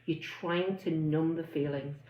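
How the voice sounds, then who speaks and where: A woman's voice: low-pitched, fairly even intonation, a little slow, mellow. A woman weight-loss coach giving a chatty live online talk, reading out comments and acting out inner voices. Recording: roomy, slightly dull sound.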